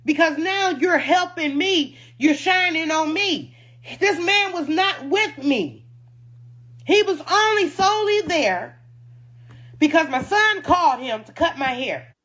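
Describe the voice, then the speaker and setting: A woman's voice: extremely high pitch, lively intonation, slow, a bit bright. A woman who owns a food truck, defending herself in an emotional, indignant personal statement and repeating points for emphasis.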